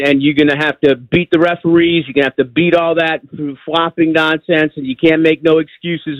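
An older man calling into a sports radio show, repeating himself as he builds his point with emphasis. His voice is somewhat high for a man. The line is muffled and dry. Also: dry recording. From New York. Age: 60s. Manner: rambling, repetitive, emphatic. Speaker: caller. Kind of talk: call-in radio chat.

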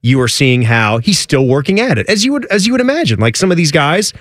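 Animated male sports radio co-host. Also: quick pace, no room sound, clean studio sound. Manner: animated, jumps high in pitch when joking. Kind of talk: casual sports radio chat.

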